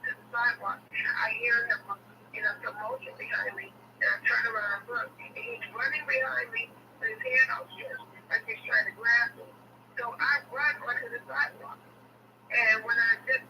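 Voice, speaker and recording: A woman's voice: a little high, distant mic, noisy background. A woman as an interview guest, recounting a personal experience emphatically, repeating phrases and using many fillers.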